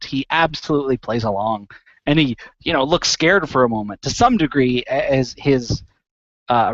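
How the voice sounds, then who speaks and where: A man describes his character's antics in a tabletop game, stumbling through restarts and fillers. His voice is mid-pitched. The recording is muffled and dry, with no room sound. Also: fairly bright tone, no room sound. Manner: rambling, many fillers and restarts. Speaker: player.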